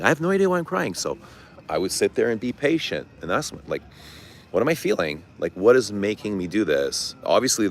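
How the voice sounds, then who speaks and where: A man's voice: sits low, a bit bright. A middle-aged man chatting candidly on a livestream, reading viewer comments and answering with frank, casual talk and some swearing. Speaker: livestream host. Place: outdoors. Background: traffic noise.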